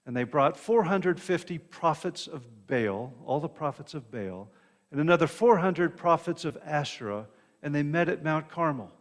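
A man's voice: a little high, animated, moderate pace. A man preaching a sermon, retelling a Bible story in a conversational way with asides and restarts. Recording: long reverb of a hall.

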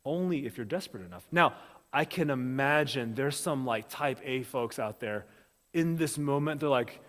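A man preaching a sermon as pastor, lively and animated, acting out the voices of the people in his story. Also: mid-range voice, moderate pace, in a large hall.

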